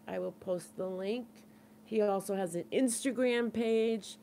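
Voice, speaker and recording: A woman's voice: on the low side, expressive, measured pace, vocal fry, darkish tone, a little hiss or hum. A middle-aged woman with a Boston accent hosting a support group livestream in casual, earnest chat, answering viewers' comments and urging them on. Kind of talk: casual live-stream chat.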